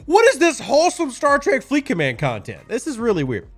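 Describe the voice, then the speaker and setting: Animated, sarcastic male game streamer. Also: extremely high pitch, fairly quick, soft background music. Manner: sarcastic, chatty, talks to chat. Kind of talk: casual live-stream chat.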